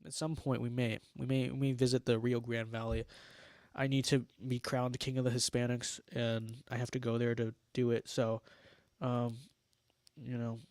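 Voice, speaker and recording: In a dry recording, a young man from Los Angeles reads chat aloud during a casual livestream, answering with sarcastic, mock-boastful humor. His mid-range voice has a darkish tone, and his delivery is flat at a moderate pace.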